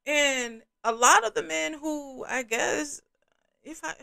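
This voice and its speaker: A woman's voice: high-pitched, slow, gravelly, bright, forceful tone. Frank middle-aged woman host, chatty and candid, casual delivery. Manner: frank, candid, chatty with many fillers and restarts. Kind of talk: casual adult chat.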